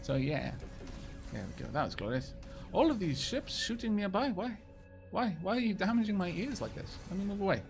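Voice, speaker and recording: A Welsh man chatting quickly and casually with his viewers while he plays a game, poking fun at himself as he goes. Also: high-pitched, very animated, gravelly, faint music behind. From Wales. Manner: fast-talking, chatty, self-mocking. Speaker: game streamer. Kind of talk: casual live-stream chat over gameplay.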